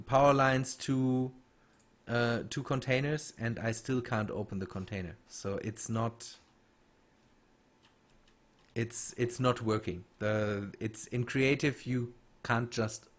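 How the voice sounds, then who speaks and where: Slow, halting male game streamer. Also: mid-range voice. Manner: halting, many restarts and fillers while reading chat. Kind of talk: casual gameplay stream chat.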